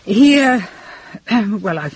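A prim, earnest woman. She speaks hesitantly and with disapproval, in a husky voice with lively intonation. The sound is dry and close. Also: mid-range voice, slow pace, no room sound, full character voice. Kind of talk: radio drama acting.

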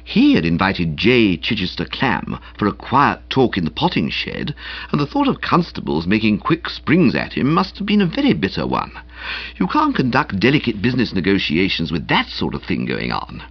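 A man narrating a comic novel with wry relish, his pitch swooping freely between high and low. His voice carries a husky grain. The recording is dry and slightly muffled. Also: normal speed. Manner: expressive, wry first-person narration. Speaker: audiobook narrator. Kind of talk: audiobook reading of a comic novel.

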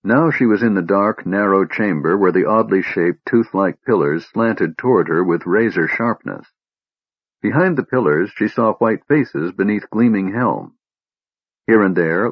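Audiobook narrator: man, low husky voice, steady measured reading, dry dull recording. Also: no echo. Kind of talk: scripted fantasy narration.

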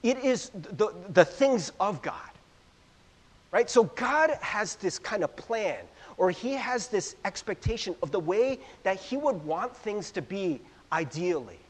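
A man's voice: high-pitched, animated, a little slow. A man giving a casual, conversational Bible teaching, chatty and self-deprecating, often checking in with his listeners. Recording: long hall reverb.

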